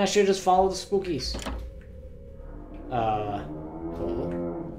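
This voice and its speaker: A man playing a horror game, reading the story text aloud and joking about it, with loud startled outbursts. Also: mid-range voice, echoey room. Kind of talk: let's play commentary with read-aloud story text.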